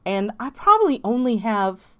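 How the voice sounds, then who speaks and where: A woman's voice: a little high, very animated, moderate pace, clean tone. A woman with a Southern accent, a knitting vlogger chatting casually about her projects, rambling with restarts and small laughs. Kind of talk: casual chat.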